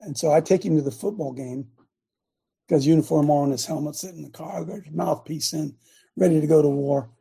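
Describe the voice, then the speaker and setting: An older man hosting a show, preaching a fiery rant that swings between yelling and low muttering. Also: a little fast, creaky, husky. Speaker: host and preacher.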